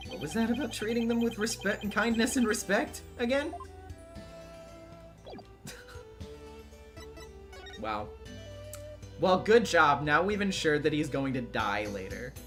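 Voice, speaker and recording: A man's voice: high-pitched, big pitch swings, a bit bright, voice pushed up. A man voicing an exasperated young defense lawyer in a plain, natural voice, with game music behind. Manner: exasperated, quick retorts.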